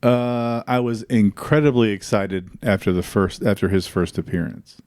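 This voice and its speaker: A man speaking as a podcast guest in casual chat, hesitant and halting. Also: on the low side, fairly even intonation, darkish tone, no echo, studio quality.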